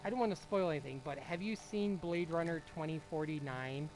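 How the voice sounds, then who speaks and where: A man streaming a game, telling a rambling, excitable story in casual chat and swearing freely. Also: on the high side, a little fast, low-quality recording. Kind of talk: casual storytelling while gaming. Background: loud game music.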